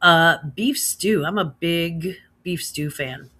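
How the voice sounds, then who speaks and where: A woman's voice: on the low side, takes it slowly, pushed and bright. A woman in her thirties with a Midwestern American accent, casually chatting with her livestream audience, reading out comments and laughing along. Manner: chatty, laughs often, says girl and slaps. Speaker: livestream host reading chat. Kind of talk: casual chat.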